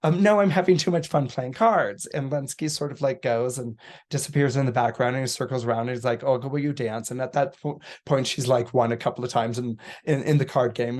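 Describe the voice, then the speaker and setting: A man on a podcast retelling a story in a casual, animated way, full of restarts and fillers. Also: medium pitch. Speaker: podcast astrologer guest.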